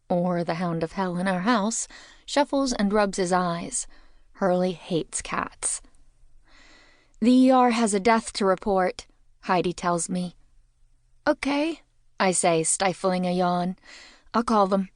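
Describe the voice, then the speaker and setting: A woman's voice: on the low side, darkish tone, dry recording, studio quality. A woman narrating a mystery audiobook in the first person, with a wry, conversational telling.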